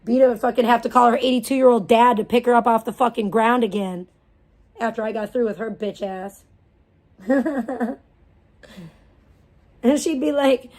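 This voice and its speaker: A woman streamer in the middle of an angry rant, swearing hard and dripping with contempt. Her voice sits a little high for a woman. She mocks as much as she talks. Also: a little slow, long pauses, darkish tone. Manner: profane, scornful, mocking. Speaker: live streamer. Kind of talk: angry ranting live stream.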